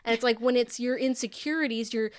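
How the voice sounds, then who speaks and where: Young woman podcast co-host, high-ish and smooth, casual and rambly. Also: fairly even intonation, quick pace. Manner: chatty, lots of "like" fillers, thinking aloud. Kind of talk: casual chat.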